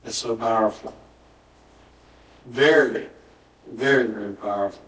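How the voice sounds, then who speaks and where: A male pastor with a fairly low, fairly bright voice preaches unhurriedly in a church sanctuary, acting out a story's dialogue with emphatic repetition. The mic is distant and the church audio roomy.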